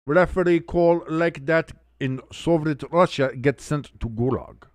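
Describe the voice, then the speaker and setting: A man's voice: on the high side, measured pace, no echo, close to an everyday voice. Guy doing a grumpy mock Eastern European man, clipped broken speech, dry close sound. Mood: deadpan. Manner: clipped broken grammar, dropped articles. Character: gruff mock Eastern European man, grumbling about referees.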